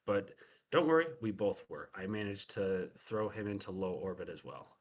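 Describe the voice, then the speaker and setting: A man voicing a battered, stoic male warrior who talks down his own pain in a calm, understated way. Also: on the low side, moderate pace, slight background noise. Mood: reassuring.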